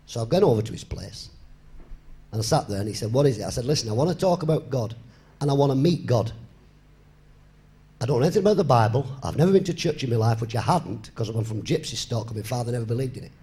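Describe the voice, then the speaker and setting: A man's voice: mid-range voice, lively intonation, fast, dark tone. A man in his fifties, a comedian telling his life story to a live audience and acting out both sides of the conversations. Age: 50s. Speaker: comedian giving a testimony on stage. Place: live venue before an audience.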